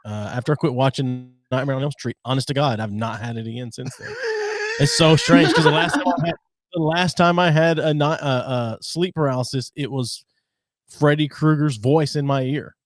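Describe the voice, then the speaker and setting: A middle-aged man co-hosts a podcast and tells his own stories in easy, conversational talk. He often stops and restarts a phrase mid-thought. He speaks at a medium pitch into a dry, close mic. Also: expressive, dry recording. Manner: storytelling, halting restarts. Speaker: podcast co-host. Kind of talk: casual podcast chat.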